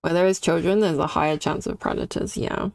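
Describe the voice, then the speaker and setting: A woman's voice: on the low side, steady tone, fairly quick, gravelly, a little mellow, no room sound. A young woman streaming while she draws, chatting candidly and reacting to her chat. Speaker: streaming artist.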